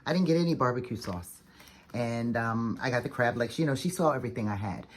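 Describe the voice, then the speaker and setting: A woman vlogger telling a story to the camera in a chatty, fast, animated way, full of "like"s and acted-out quotes. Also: a bass voice, a little hiss or hum. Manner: chatty, fast-talking, animated retelling with many "like"s.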